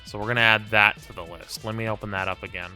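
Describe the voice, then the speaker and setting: A man's voice: lowish voice, fairly even intonation, fast, bright, forceful tone, faint music behind. A man streaming a game, chatting casually and ranting with plenty of profanity and wry asides. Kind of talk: casual gameplay commentary.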